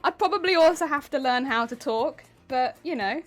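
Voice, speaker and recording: A woman's voice: high voice, animated, moderate pace, soft background music. A woman streamer chatting casually with viewers while she does machine embroidery, laughing often and poking fun at her own grating voice. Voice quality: grating, honking voice.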